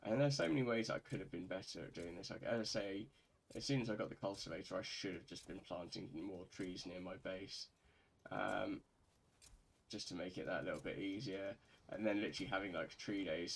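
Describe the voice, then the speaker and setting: A man's voice: deep voice, moderate pace, gravelly, husky. A young man, a bit tipsy, rambling casually as a gaming streamer, with lots of fillers, restarts and swearing. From England.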